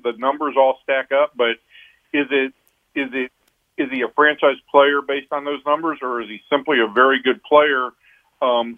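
A man, a baseball reporter, analyzing a player in a radio phone interview, often restarting his sentences. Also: medium pitch. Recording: tinny phone line.

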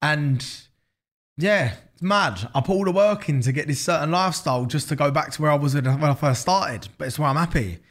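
A man's voice: a little high, fairly quick, a bit bright. A man in his thirties with an Essex accent, talking casually and animatedly as a podcast guest, swearing freely and repeating himself. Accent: Essex English. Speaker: podcast guest, business founder. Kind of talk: casual interview chat.

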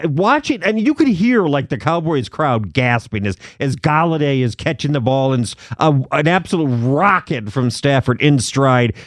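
A man co-hosting sports talk radio, telling stories in an animated way. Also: medium pitch, dry recording, clean studio sound. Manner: animated, storytelling.

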